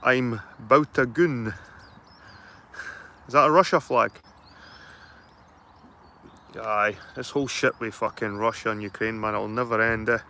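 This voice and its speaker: A man's voice: mid-range voice, fairly even intonation, measured pace, vocal fry, long pauses, sharp tone, a little hiss or hum. A middle-aged man, chatting casually and rambling to live viewers while walking round his allotment outdoors, speaking into a handheld phone. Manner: rambling, sweary, matter-of-fact. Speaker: livestreaming vlogger.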